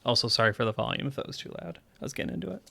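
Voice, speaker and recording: A man's voice: medium pitch, animated, very fast, creaky, bright, forceful tone. A man narrating as game master in a casual, swearing, laughing tabletop game session.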